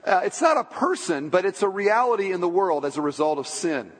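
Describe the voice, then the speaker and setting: Husky-voiced pastor preaching in reverb. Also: male voice, lively intonation, a little fast. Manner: conversational preaching with rhetorical questions and asides to the congregation; drops low and quiet for solemn points. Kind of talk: sermon. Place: church sanctuary. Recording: long church-hall reverb.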